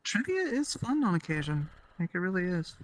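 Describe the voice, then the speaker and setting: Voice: medium pitch, big pitch swings, a little fast, a little hiss or hum. A podcast co-host chatting casually, explaining things in detail with many fillers.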